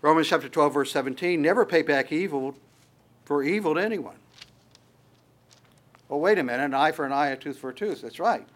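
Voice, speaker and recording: A man's voice: a little high, brisk, pauses often. Earnest conversational male preacher, raised voice. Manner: conversational preaching, emphatic, frequent restarts. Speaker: pastor. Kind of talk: sermon.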